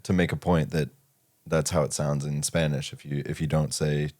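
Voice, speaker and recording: Young man, extremely deep voice, podcast co-host, easygoing casual chat. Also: level tone, moderate pace, darkish tone. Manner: easygoing, agrees often, laughs along.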